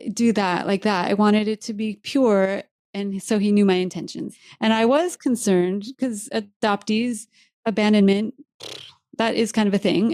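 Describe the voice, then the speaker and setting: A woman's voice: mid-range voice, darkish tone, dry recording. Woman podcast host, candid and emotional storyteller, dry close sound. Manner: candid, heartfelt, laughs easily.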